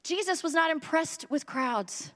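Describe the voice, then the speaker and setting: A woman's voice: high voice, lively intonation, measured pace, fairly bright tone, long reverb tail. A woman giving a humorous, casual sermon, chatty and joking with lots of filler words. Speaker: preacher.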